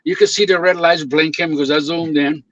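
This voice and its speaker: On a dry, dull lo-fi recording, a man with a slightly high voice talks briskly. He's a guest videographer telling animated stories over casual chat, acting out whoever he quotes and breaking into laughter often.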